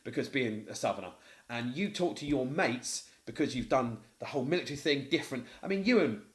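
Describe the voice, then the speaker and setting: A man's voice: mid-range voice, fairly quick. A middle-aged man co-hosting a podcast, telling stories in a casual chat and swearing freely. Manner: animated storyteller, swears freely. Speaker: podcast co-host. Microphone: podcast microphone.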